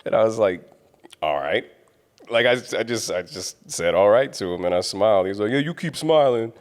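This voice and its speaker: A deep-voiced podcast co-host tells a story in casual chat, speaking a little fast. He's an animated storyteller who swears freely.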